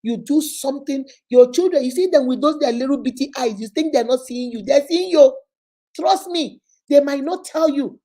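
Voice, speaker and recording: A woman's voice: high-pitched, normal speed, warm tone, poor audio. A woman from Nigeria with a Nigerian accent, a schoolteacher giving a motivational talk to mothers, using emphatic, repetitive exhortation mixed with storytelling asides.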